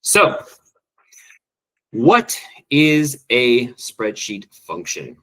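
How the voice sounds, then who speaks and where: Male teacher running a training session, eager and fast-moving, lots of ums, mid-range voice. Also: medium pitch, huge pitch swings, bright, forceful tone, low-quality recording. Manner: quick, enthusiastic, with frequent ums and restarts. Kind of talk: online training presentation.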